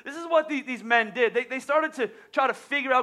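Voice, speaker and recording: Bright-voiced energetic man preaching. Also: very high-pitched, a little fast, few pauses. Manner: energetic storytelling, with restarts and stumbles. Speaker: pastor. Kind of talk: sermon.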